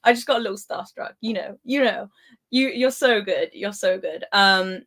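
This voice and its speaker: A woman's voice: medium pitch, moderate pace, fairly bright tone. Giggly woman hosting a football live stream. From Spain. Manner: giggly, chatty, reads chat comments aloud. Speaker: football channel host. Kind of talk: casual live-stream chat.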